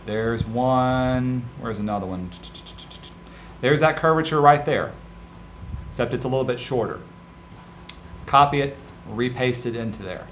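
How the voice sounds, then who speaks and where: A male design instructor giving a relaxed, practical screen-recorded software tutorial and talking straight to his students. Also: mid-range voice, slight background noise.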